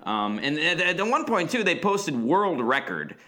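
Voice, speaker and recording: A man's voice: on the high side, big pitch swings, a little slow, sharp tone. A man co-hosting a podcast, chatting casually and rambling with lots of restarts and fillers. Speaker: podcast co-host. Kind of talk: casual chat.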